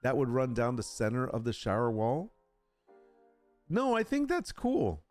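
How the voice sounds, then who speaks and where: A man's voice: mid-range voice, huge pitch swings, unhurried, a little mellow, faint music behind. A man chatting casually on a live stream, talking through his work and reading text aloud with joking asides. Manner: chatty, reads aloud, jokes with chat.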